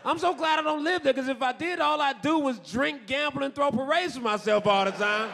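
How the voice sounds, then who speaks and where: Deadpan man doing stand-up. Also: very high-pitched, a little fast, vocal fry, few pauses. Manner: dry, deadpan storytelling with sudden shouted punchlines. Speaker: stand-up comedian. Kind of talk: stand-up comedy routine. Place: comedy club stage. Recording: noisy live comedy club.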